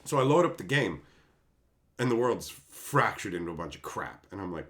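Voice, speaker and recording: A man hosting his own channel, telling a casual, animated gaming story that swears now and then and acts out quotes. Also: lowish voice, normal speed. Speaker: channel host.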